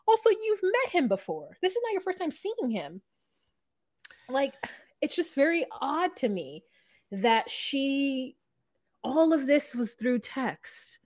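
Animated woman podcast co-host, dry sound. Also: sits high, measured pace, dry recording. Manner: animated, laughs, mimics people she discusses. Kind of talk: casual recap chat.

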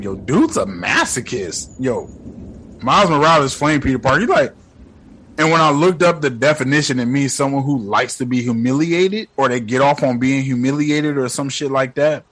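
A young man giving casual movie reaction commentary, animated and profane, with loud exclamations. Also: medium pitch, normal speed.

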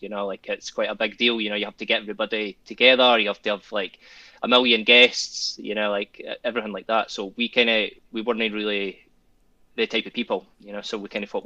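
Scottish man, low and bright-toned, dry close sound, a rambling chuckling guest on a chat show. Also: no room sound, lo-fi sound. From Scotland. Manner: rambling, chuckling often, repeats himself. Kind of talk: casual chat.

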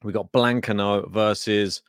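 A man's voice: fairly low pitch, fairly even intonation, measured pace, clear, resonant tone, dry recording. Male podcast host, loose chatty delivery, dry close sound. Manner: chatty, thinking aloud with fillers. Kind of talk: casual tennis preview chat.

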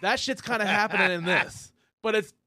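A man hosting a casual comedy podcast, rambling loosely and swearing freely. His voice sits a bit higher than most men's. It is recorded close and dry. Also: fairly quick, sharp tone, dry recording. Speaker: podcast host.

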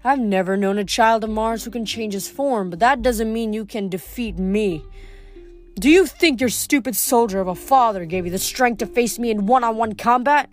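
A woman reading aloud voices a boastful, brutish male giant with a slow, growling, mocking delivery. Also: a little high, soft background music, lightly acted. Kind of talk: audiobook character voice.

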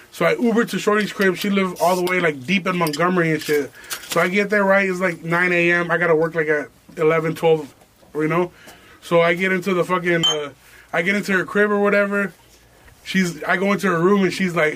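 A young man with a fairly high voice hosts a podcast. He tells a story in casual, profane slang and breaks into laughs. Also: a bit bright, slight background noise. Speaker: podcast host.

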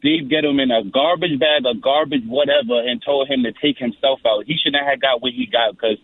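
A man calls in to a radio show, rambling and restarting his sentences. His voice is gravelly and swings widely in pitch. It comes over a tinny, dry phone line. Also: very animated, a little fast. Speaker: caller. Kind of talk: call-in radio chat.

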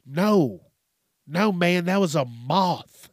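A man with a high voice and lively intonation speaks at a slow pace on his casual solo podcast. He swears, wanders from topic to topic, and frequently restarts and repeats words, all captured in clean studio sound without echo.

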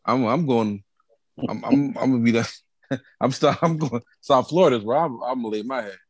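A man co-hosting a podcast, chatting casually in a lively, teasing way that often stumbles over repeated words. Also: medium pitch, normal speed, no room sound. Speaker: podcast co-host. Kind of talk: casual chat.

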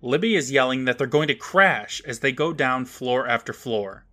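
A man co-hosting a podcast who walks through a show's plot, dropping dry, sarcastic jokes along the way. His voice is bright and forward. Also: medium pitch, normal speed, faint music behind. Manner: sarcastic, recapping plot with asides. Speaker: podcast co-host. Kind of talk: casual recap chat.

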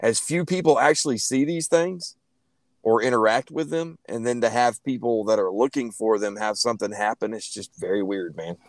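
A man hosting a casual podcast chat in a relaxed, open-minded way. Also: mid-range voice, normal speed, no echo. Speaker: podcast host.

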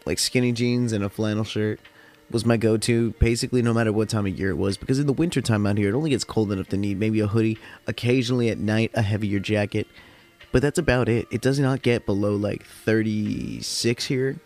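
A man's voice: fairly low pitch, steady tone, a little fast, darkish tone, faint music behind. A man from the California desert hosting a podcast, telling stories in a loose, profane, rambling way, tired after work. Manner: rambling, profane, heavy use of "like". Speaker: podcast host. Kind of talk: casual storytelling chat.

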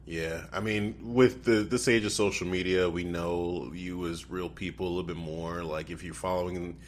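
A man co-hosting a casual wrestling podcast, talking in an animated, incredulous way and laughing often. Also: low voice, normal speed, a little hiss or hum. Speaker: podcast co-host.

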